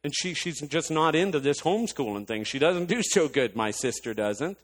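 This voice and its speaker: Impassioned preacher ringing through a hall. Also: male voice, on the high side, normal speed. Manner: animated, building to impassioned rants. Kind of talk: sermon storytelling.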